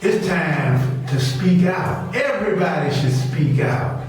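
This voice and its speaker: A man's voice: on the high side, lively intonation, slow. A middle-aged man delivering a fiery, scolding sermon, repetitive and confrontational, in loose dialect speech. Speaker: preacher. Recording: very echoey room, distant from mic, faint music.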